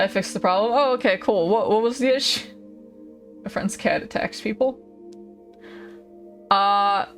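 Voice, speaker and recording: Brief: woman game streamer, casual and giggly, a little swear-happy, mid pitch. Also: fairly bright tone. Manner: chatty, laughs often, swears casually. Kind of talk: casual live-stream chat. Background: faint background music.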